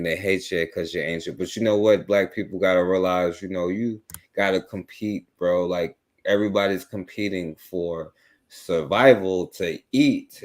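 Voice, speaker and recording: Man, very low voice, host, rambling, full of fillers, casual radio chat.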